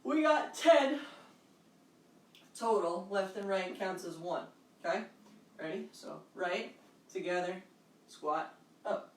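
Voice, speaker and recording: A woman's voice: fairly low pitch, fairly even intonation, a little slow, pauses often. A woman fitness instructor leading a live online workout class, upbeat and encouraging, calling out steps and counts at home. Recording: roomy echo, distant mic, faint background noise.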